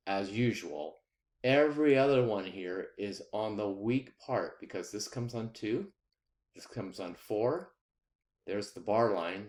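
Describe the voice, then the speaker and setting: A man giving a recorded music lesson, explaining rhythm patiently and counting beats out loud. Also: lowish voice, roomy sound. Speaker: music teacher.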